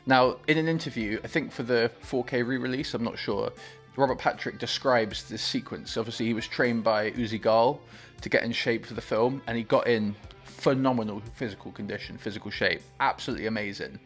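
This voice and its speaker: Male reactor, mid-pitched, gushing and hyped, faint film music underneath. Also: fairly quick. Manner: excitable, gushing enthusiasm. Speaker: movie reaction host. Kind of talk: excited film reaction commentary.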